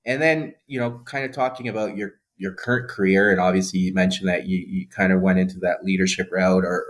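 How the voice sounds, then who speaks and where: A man with a very low, deep voice hosts a podcast interview. He asks long, thoughtful questions and leans on fillers as he builds up to them. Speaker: podcast host. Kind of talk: interview conversation.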